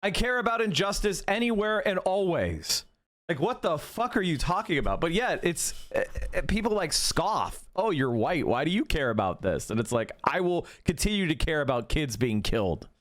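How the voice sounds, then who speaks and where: A man's voice: sits high, big pitch swings, moderate pace, fairly bright tone, no echo, clean studio sound. Scornful, cussing streamer man. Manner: profane, scornful, ranting. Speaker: political streamer. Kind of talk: reacting to clips on a livestream.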